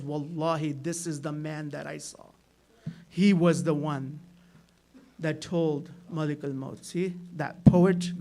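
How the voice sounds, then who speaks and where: High-voiced man telling a sermon story. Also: vocal fry. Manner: storytelling with frequent "right?" asides, rising loud in dramatic moments. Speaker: speaker at a religious gathering. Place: community hall.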